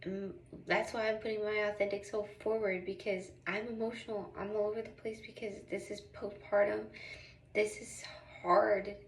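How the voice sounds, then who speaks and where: A vlogger mother records in a small, echoey bathroom, far from the mic, with some background noise. Near tears, she rambles emotionally in casual slang, her medium-pitched voice level and moderately paced.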